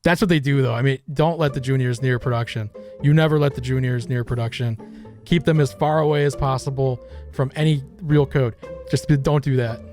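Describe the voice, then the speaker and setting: A middle-aged man hosts a casual meme review at home, rambling through wisecracks and crude asides. His voice sits at an ordinary middle pitch. Faint music plays under his talk. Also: fairly even intonation, fairly quick, a little mellow. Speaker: host.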